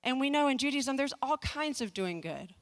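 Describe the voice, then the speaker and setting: Her voice sits high, with lively intonation and a moderate pace. She's a woman in her forties from the American South, speaking at a community fundraising talk and telling a comic personal story with self-deprecating asides, restarting and repeating words along the way.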